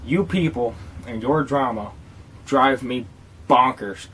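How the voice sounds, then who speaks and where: A man telling casual vlog stories in a loose, rambling way. He swears often and jokes through his tale before moving on to a product review. His voice sits at an ordinary middle pitch. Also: slow, a bit bright, a little hiss or hum. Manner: rambling, profane and joking. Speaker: tobacco dip reviewer.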